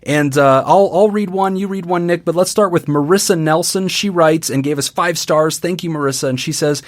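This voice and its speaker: A man's voice: on the high side, moderate pace, few pauses. A middle-aged man who hosts a counseling podcast, chatting casually, joking and reading out listener reviews. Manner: animated, jokey, reads listener reviews.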